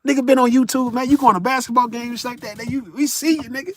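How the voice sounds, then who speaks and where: A man's voice: extremely high pitch, fairly even intonation, quick pace, a bit bright. A man live-streaming from his vehicle while driving for work, chatting loosely with viewers in a boisterous, profane way and laughing often. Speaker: live streamer talking to chat. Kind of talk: casual live-stream chat.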